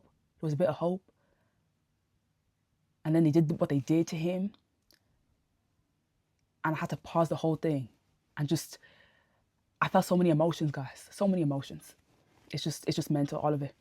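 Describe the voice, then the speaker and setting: A woman giving a casual spoken TV review into a phone camera, ranting in an animated, exasperated way full of slang. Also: deep voice, dry recording. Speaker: TV review vlogger. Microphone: phone camera held close.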